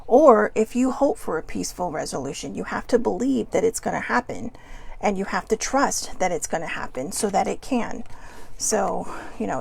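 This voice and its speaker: A woman host reads oracle cards while chatting casually to viewers, keeping the spiritual talk rambling and upbeat with playful asides. Her mid-range voice is slightly rough, with vocal fry.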